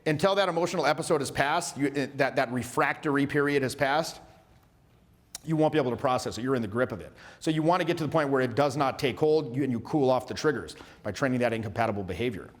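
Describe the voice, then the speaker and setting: A man in his forties, a social skills coach giving a workshop lecture, talking in an animated, casual way with some swearing as he acts out short exchanges. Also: mid-range voice, quick pace. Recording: long hall reverb.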